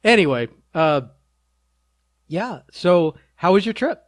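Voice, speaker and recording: A man's voice: high voice, animated, slow, no echo. Dry-humored man, close and dry sound. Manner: dry, teasing humor, offhand. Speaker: podcast host. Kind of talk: casual podcast chat.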